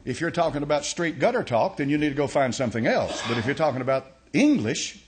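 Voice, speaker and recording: Folksy pastor teaching a sermon. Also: male voice, on the high side, sing-song, fast talker, slight background noise. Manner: folksy, explains step by step, many restarts and uh.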